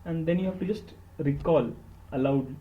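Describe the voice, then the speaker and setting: A man with an Indian accent talks through study advice in a fairly high voice. He is earnest and emphatic, stacking "very" on "very" to stress a point. The recording sounds dull and lo-fi. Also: moderate pace, a little hiss or hum. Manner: earnest and emphatic, repeats words for stress, switches into Hindi. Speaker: exam topper giving study tips. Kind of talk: instructional podcast talk.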